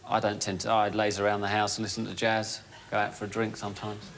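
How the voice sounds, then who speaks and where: A man from London, a game show contestant giving low-key, laid-back answers to the host. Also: completely flat delivery, fast talker, gravelly, a bit bright, slight background noise. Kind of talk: answering host's questions.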